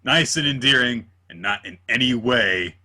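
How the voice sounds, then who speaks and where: A man co-hosting a podcast, recapping chapters in casual chat and jumping into quick voices for the characters. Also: mid-range voice. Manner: animated, acts out characters' lines in quick put-on voices. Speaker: podcast co-host.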